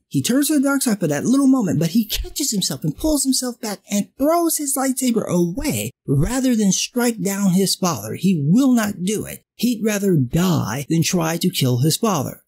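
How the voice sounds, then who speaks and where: A man's voice: high voice, darkish tone, breathy edge. A man giving a profane, exasperated rant as a film reviewer.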